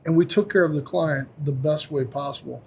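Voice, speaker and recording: A man's voice: on the high side, fairly quick, creaky, a little hiss or hum. A man who heads a company, chatting casually on a podcast and telling a story with acted-out lines from the people in it. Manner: animated storyteller acting out voices. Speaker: company CEO and podcast host.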